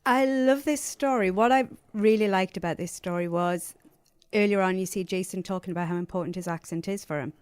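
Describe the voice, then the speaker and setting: A middle-aged woman from Northeast England with a softened Geordie accent, talking earnestly as a panelist in a podcast discussion. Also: medium pitch, a little fast, clean tone, dry recording.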